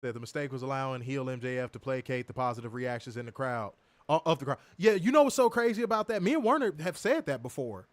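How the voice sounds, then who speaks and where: A man's voice: medium pitch, expressive, fast, no room sound. Laughing, loose-talking young man. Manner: laughs hard, loose and profane. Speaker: podcast co-host. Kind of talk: casual chat.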